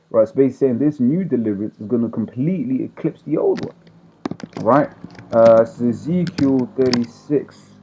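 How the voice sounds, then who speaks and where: A man's voice: mid-range voice, a little fast, warm tone. A man teaching scripture informally as a street preacher. He reads verses aloud, explains them in slang, and keeps checking in with "right?". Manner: checks in with "right?" after nearly every point. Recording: tinny phone-like audio.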